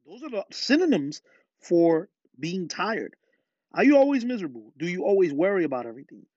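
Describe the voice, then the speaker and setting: A man's voice: high-pitched, sing-song, fairly quick, a little mellow, breathy edge, no echo. A man preaching a podcast sermon with fervor, often putting questions to his listeners. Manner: fervent, asks listeners rhetorical questions. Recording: dull lo-fi dry sound.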